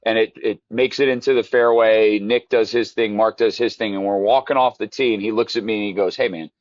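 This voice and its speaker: A man's voice: lowish voice, steady tone, fairly quick, dry recording. A man, a golf instructor, telling a heartfelt story in casual interview chat with many restarts. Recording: dull lo-fi dry sound.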